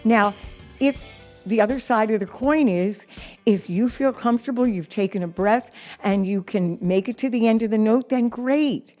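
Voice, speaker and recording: Soft music sits in the background as a middle-aged singing teacher speaks in a slightly high voice with a darkish tone. Slow and encouraging, she reads aloud from her notes and demonstrates by singing examples.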